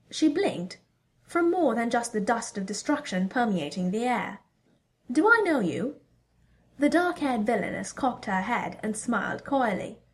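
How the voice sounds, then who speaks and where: A woman narrating a fan-fiction story as an audiobook reader, in an even storytelling manner. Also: medium pitch.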